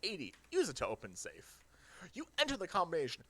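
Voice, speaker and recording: A person reading a webcomic aloud with reactions, hammy and jokey, swinging between deadpan lines and shrill outbursts. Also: brisk, slightly rough. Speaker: reader of a webcomic.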